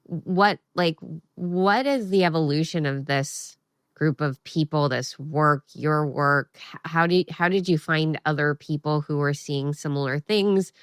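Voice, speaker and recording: A woman hosting an interview, asking long, searching questions with many pauses and restarts. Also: deep voice, clean tone, dry recording, clean studio sound. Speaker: podcast host.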